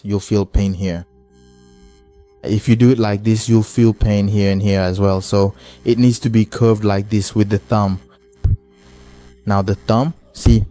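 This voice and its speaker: Male bass instructor, warm and low-pitched, calm repetitive walkthrough. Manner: repetitive, patient step-by-step explaining. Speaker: bass guitar teacher. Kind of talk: hands-on instrument lesson.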